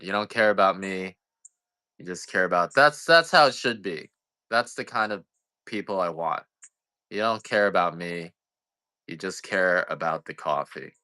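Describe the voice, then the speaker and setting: A man's voice: low voice, bright, forceful tone, clean tone, no echo. A man selling coffee on a livestream, chatting casually in a rambling, self-deprecating, joking way. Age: adult parent.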